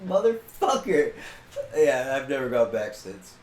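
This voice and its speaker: Male podcast co-host: crude, lively anecdotes in a roomy space with light background noise. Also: medium pitch, normal speed. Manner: animated storytelling, swears constantly, gets loud retelling a rant. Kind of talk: casual profane chat.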